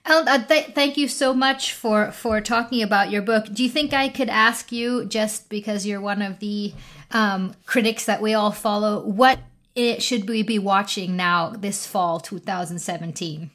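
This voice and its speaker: A woman's voice: mid-range voice, normal speed, a bit bright. A woman hosting an interview, asking hesitant questions and giving short affirmations. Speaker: interview host. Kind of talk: radio interview.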